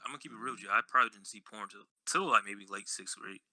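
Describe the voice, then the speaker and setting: A man's voice: fairly low pitch, fast talker, sharp tone, dry recording, rough recording. A young man telling stories in a casual podcast chat, blunt and slangy. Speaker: podcast host.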